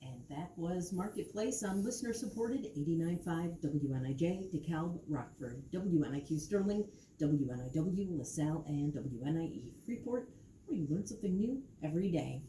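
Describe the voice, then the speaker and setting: A woman radio host reads station IDs and sponsor messages in a smooth, practiced announcer manner. Her voice sits low, and it is heard in an echoey room with a faint noise underneath. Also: animated, normal speed, warm tone.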